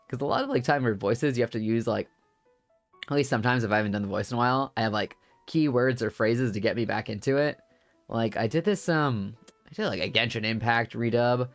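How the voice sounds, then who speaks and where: A man's voice: mid-range voice, expressive, moderate pace, faint music behind. A man streaming a game, chatting casually about voice work in a rambling, laughing way with many fillers. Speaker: streamer and voice actor.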